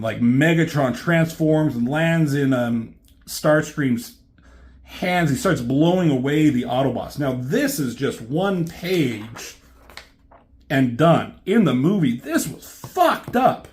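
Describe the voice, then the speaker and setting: A man reviewing a comic in a casual, rambling way, swearing often and filling pauses with ums. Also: fairly high pitch. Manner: rambling, swears a lot, many fillers. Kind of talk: casual chat.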